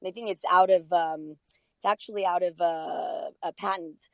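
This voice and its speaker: A woman explaining details in a hurried, informative way during a casual online group discussion. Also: on the low side, fairly even intonation, creaky, no echo, poor audio.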